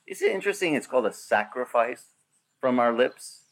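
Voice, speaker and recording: A man, a pastor, preaching a sermon with lively acted-out quotes and a rising, emphatic delivery. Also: medium pitch, brisk, a little hiss or hum.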